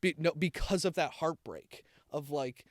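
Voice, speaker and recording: A man's voice: fairly high pitch, measured pace, no room sound, studio quality. A young man co-hosting a casual chat, telling a rambling, heartfelt story with many fillers. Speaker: podcast co-host.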